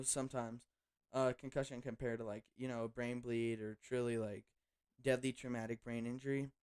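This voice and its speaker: Smooth-voiced young man telling a story. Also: mid-range voice, a little mellow. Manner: fast casual slang with frequent fillers. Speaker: vlogger. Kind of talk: casual storytelling to camera.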